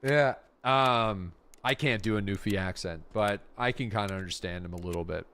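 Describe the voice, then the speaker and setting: A man's voice: lowish voice, smooth. A man from Atlantic Canada, chatting casually and swearing freely while he streams a game. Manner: animated, swearing, quick to laugh. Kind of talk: casual livestream chat while gaming.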